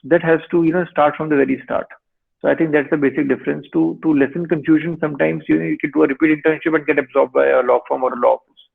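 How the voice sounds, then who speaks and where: Gravelly lawyer on a tinny call line. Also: male voice, a little high, fairly even intonation. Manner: measured, advisory. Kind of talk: webinar answer. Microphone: video call. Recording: tinny online call audio.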